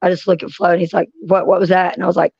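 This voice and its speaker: A woman's voice: on the low side, flat delivery, rapid-fire, darkish tone, slightly rough, dry recording. A woman, chatting casually with friends as a streamer, blunt and profane as she tells stories. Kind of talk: casual chat. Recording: dry, dull lo-fi sound.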